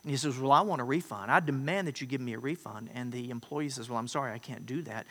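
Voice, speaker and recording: A man's voice: mid-range voice, fast talker, bright, forceful tone. A man preaching a sermon, telling stories and rising into emphatic quoted lines. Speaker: pastor. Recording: long hall reverb.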